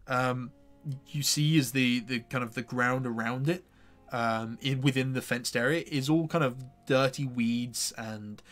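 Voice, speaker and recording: A man's voice: mid-range voice, fairly bright tone. A man narrating a tabletop role-playing game as game master, hesitant and full of restarts.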